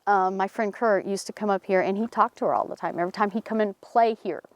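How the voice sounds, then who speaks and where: A woman outdoors in a cemetery, telling a story casually and acting out the voices of the people in it. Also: fast. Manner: animated, acts out quoted voices in a higher pitch. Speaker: paranormal team member telling a local story.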